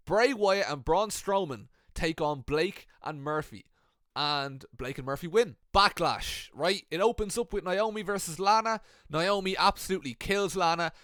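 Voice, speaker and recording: A man's voice: on the high side, a bit bright, no room sound, clean studio sound. A young man casually recounting an imagined wrestling storyline, swearing freely and acting out the wrestlers' lines. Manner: swears often, acts out the wrestlers' quotes. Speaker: wrestling commentator.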